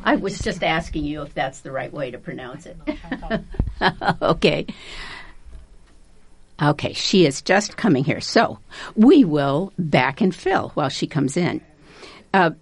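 A woman with a lowish, gravelly voice hosts a radio show, introducing guests with halting, self-deprecating remarks. The sound is dry and close. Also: no echo. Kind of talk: unscripted studio talk introducing guests.

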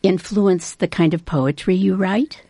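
A woman hosting a local radio show, introducing guests in a halting, self-deprecating way. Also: lowish voice, mellow, slightly rough, no echo. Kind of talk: unscripted studio talk introducing guests.

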